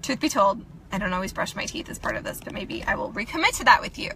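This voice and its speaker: Bright, upbeat woman vlogger. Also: medium pitch, animated, fast, slight background noise, rough recording. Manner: upbeat, chatty, laughs often. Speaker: self-help vlogger. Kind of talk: casual motivational talk to camera.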